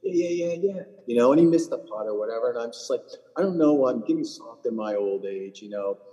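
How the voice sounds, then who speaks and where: A man's voice: mid-range voice, fast talker, mellow, long reverb tail, low-quality recording. Blunt, profane middle-aged man. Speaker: PGA Tour caddie, podcast co-host. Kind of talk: casual podcast chat.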